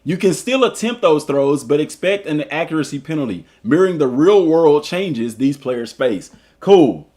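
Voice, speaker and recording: Animated Southern man with a lively voice. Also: a little high, moderate pace, few pauses. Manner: animated and joking, chats with viewers between read passages. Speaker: streamer and school football coach. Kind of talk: casual live commentary, reading an article aloud.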